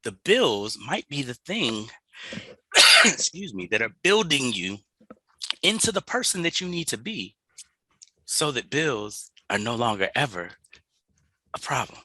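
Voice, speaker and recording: Bright, lively, hyped-up man. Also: medium pitch, unhurried, long pauses, slightly rough, dry recording, poor audio. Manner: hyped, encouraging, slangy. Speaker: podcast co-host. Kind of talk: casual chat.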